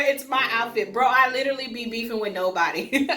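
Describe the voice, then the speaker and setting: A young woman chatting casually in a book review vlog, slangy and animated, often laughing. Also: a little high, moderate pace. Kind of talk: casual chat. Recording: echoey room with faint music.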